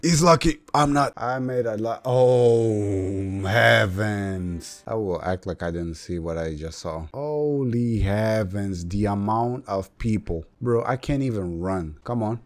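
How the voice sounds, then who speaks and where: A man giving gameplay commentary, exasperated, swearing and loudly exclaiming at the game. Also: lowish voice, takes it slowly, hardly any pauses. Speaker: gamer.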